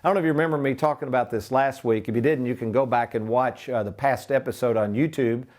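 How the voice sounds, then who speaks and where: A man's voice: medium pitch, fast talker, darkish tone. A man in his sixties hosting a retirement planning show, talking folksy and walking viewers through numbers. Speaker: financial advisor and show host.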